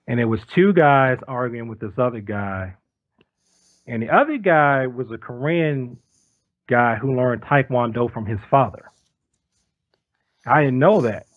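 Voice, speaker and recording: A man in his forties, a guest on an interview show, telling stories in a lively way and acting out the voices of the people in them. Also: mid-range voice, dry recording, low-quality recording. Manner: lively storyteller who acts out quoted voices. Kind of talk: casual storytelling interview.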